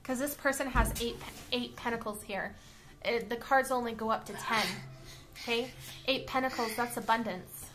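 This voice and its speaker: A woman with a fairly high, fairly evenly intoned voice does a casual tarot reading at normal speed, though the recording is very noisy. Chatty and blunt, she swears now and then and keeps saying "okay?" and "all right?"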